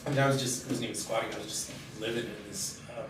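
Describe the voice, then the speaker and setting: A middle-aged man telling his own life story in a halting, candid way, with many pauses and fillers. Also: lowish voice. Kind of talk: personal storytelling in conversation. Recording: very echoey room, distant mic, steady background noise.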